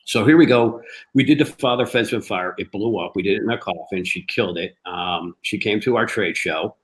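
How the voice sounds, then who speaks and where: A man telling a story in a casual interview, lively, acting out the dialogue he quotes. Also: lowish voice, a little fast, poor audio. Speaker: cigar company guest. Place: live online show.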